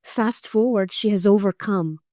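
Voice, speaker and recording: A middle-aged woman, a guest on an interview show, telling her story in an earnest, animated way and acting out other people's voices. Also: mid-range voice, a little slow, no room sound, studio quality. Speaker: guest, cancer survivor.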